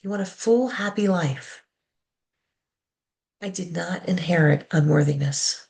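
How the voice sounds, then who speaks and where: A woman reverend giving a sermon, calmly leading the congregation through affirmations and a guided meditation. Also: lowish voice, creaky. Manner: slow, calm, leads call-and-response affirmations.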